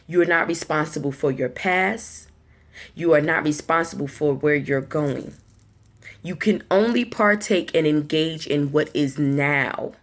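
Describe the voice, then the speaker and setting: A woman giving an earnest motivational talk, repeating herself and restarting words as she goes. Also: deep voice. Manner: acts out anxious inner voices in quick asides. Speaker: motivational speaker.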